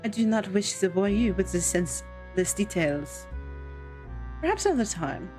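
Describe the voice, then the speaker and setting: A woman voicing a tall, coolly polite female witch with a put-on French accent, speaking in a slow, formal and smug way. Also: medium pitch, expressive, a little mellow, soft background music, lightly acted. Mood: smooth. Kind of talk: reading a visual novel aloud.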